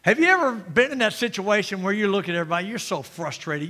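A middle-aged man preaching an emphatic sermon as pastor, swinging between loud and quiet. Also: high voice, lively intonation, fairly quick, few pauses. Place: church sanctuary. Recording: long reverb of a church hall.

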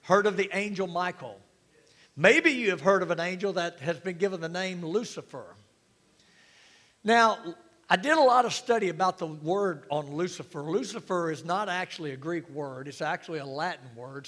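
A man preaching a sermon as pastor, talking with the congregation in a relaxed way, joking and asking them questions. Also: a little high, in a large hall. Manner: conversational preaching with humor and audience questions.

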